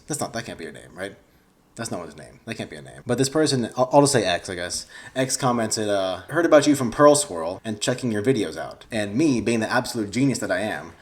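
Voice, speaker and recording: Fast-talking, rambling young man. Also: on the low side. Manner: rambling, self-deprecating, awkward. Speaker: YouTuber. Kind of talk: casual vlog talk to camera.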